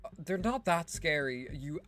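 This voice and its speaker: A woman's voice: sits low, animated, measured pace, a bit bright. Sarcastic rambling woman streamer. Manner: sarcastic, rambling, full of fillers like "like" and "um". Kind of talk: casual gaming commentary.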